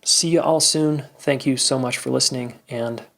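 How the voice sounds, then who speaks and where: A man at a mid-range pitch hosts a podcast and wraps up the episode with casual, enthusiastic coaching. He talks straight to his listeners and keeps checking in with "all right?". His delivery stays friendly and motivating throughout. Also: steady tone, normal speed, vocal fry. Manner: acts out warm validating phrases while speaking. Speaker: podcast host. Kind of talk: casual solo outro talking straight to listeners.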